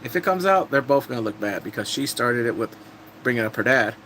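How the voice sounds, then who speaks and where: A man recapping TV dramas for his live-stream viewers, his pitch swinging all over the place as he acts out the characters. His voice sits in an ordinary middle register. A faint hum of noise runs under the recording. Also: brisk, rough recording. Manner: animated storytelling, acting out characters' lines in exaggerated voices.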